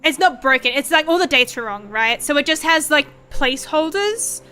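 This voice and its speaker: A woman's voice: high voice, moderate pace, faint music behind. A young woman streaming, chatting casually and swearing a lot as she rambles through stories. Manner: sweary, rambling, animated storytelling. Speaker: vtuber streamer.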